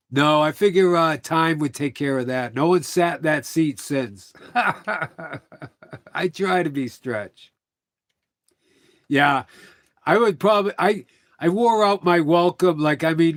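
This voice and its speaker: A middle-aged man talks casually to his livestream viewers, rambling through stories and acting out what people said. His voice sits a little high, and the sound is dry and close. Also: dry recording. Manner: rambling storytelling with quoted dialogue.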